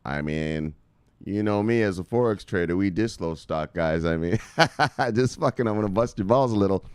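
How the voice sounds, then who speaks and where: This American crypto video host, a middle-aged man, keeps his live-stream chat casual, swearing, teasing viewers, and shouting "bang" when he reads their names. He speaks at a moderate pace in a smooth, clear voice of average pitch, recorded dry and near the microphone.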